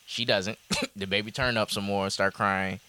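A man's voice: lowish voice, fairly even intonation, normal speed, sharp tone. A man co-hosting a casual chat, rambling through a story recap with many restarts. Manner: rambling, restarts, quotes characters in voices. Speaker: podcast co-host recapping a show.

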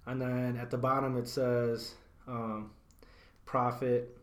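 A man's voice: mid-range voice, level tone, slow. A young man hosting a podcast, chatting casually in a loose, slangy way with plenty of swearing and fillers. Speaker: podcast host. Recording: echoey room.

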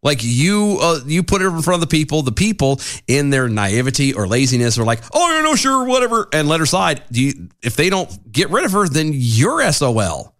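A man's voice: mid-range voice, big pitch swings, normal speed, hardly any pauses, a bit bright. A man co-hosting a casual news podcast, reading items aloud and then arguing his opinion. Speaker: podcast co-host. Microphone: studio mic with pop filter.

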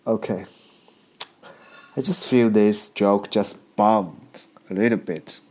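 Slow, halting male comedian. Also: fairly low pitch, a little mellow. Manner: halting, broken grammar, many restarts. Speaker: stand-up comedian. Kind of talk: casual comedy monologue.

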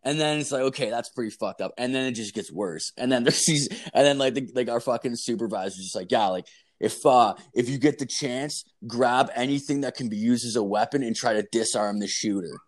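A man's voice: medium pitch, brisk. A Canadian man casually telling a work story, full of swearing and constant "like" fillers. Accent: Canadian English. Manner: heavy swearing, constant "like" fillers, animated retelling.

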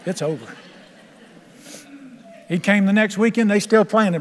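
The long reverb of a sanctuary surrounds this older pastor as he delivers a sermon at a moderate pace, a faint crowd in the background. His high, bright voice is folksy and emphatic, and he laughs with his own tales.

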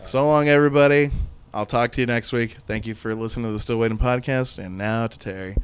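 A man in his thirties hosts a podcast in casual chat. He tells stories in a laid-back way, swears freely, and his voice sits at an ordinary middle pitch. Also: fairly even intonation, fast, clean tone. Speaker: podcast host.

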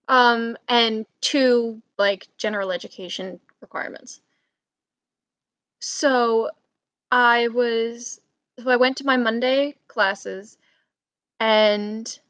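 A young woman in college telling a story over a video call, animated and breaking into loud exclamations. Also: fairly high pitch, no echo. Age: young adult. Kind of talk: casual chat.

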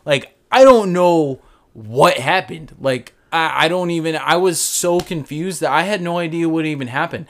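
A man's voice: fairly high pitch, normal speed. A young man co-hosting a casual podcast, telling a work story with lots of swearing and acting out what people said. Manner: animated storytelling, re-enacting his own quotes, swearing. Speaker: podcast co-host. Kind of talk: casual chat.

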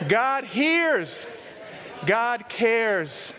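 Animated man preaching a sermon. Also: high voice, a little slow, long reverb tail, a little hiss or hum. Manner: animated, swings between loud excitement and hushed emphasis. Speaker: pastor.

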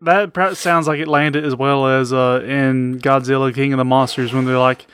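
Wry man with a smooth voice. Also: mid-range voice, steady tone, moderate pace, few pauses, a bit bright, no room sound. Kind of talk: casual chat.

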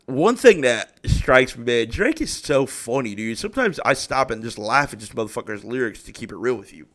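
Profane, animated young man hosting a podcast. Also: medium pitch, normal speed, hardly any pauses. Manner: heavy profanity, animated and exasperated storytelling. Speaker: podcast host. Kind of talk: casual solo podcast rant.

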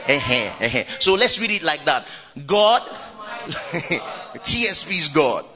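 A man preaching a lively sermon, calling out to the congregation, shouting and laughing as he goes. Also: high-pitched, slow. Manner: exuberant preaching, shouting and laughing, call and response. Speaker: pastor.

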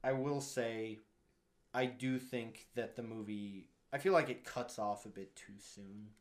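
A man's voice: medium pitch, steady tone, a little slow. A young man co-hosting a casual movie review chat, rambling and full of "like" and acted-out quotes. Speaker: co-host.

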